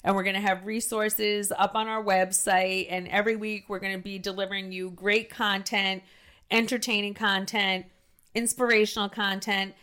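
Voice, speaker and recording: A middle-aged woman with a New Jersey accent hosting a podcast, talking loudly and effusively with lots of restarts. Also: mid-range voice, level tone, normal speed, clear, resonant tone. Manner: loud, gushing, trails into restarts. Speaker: podcast host. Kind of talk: casual podcast chat.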